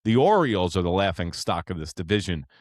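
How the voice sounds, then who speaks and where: Brash, fired-up New sports host. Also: male voice, low-pitched, fairly quick, no echo, clean studio sound. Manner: brash, profane, excitable. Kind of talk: fired-up sports reaction rant.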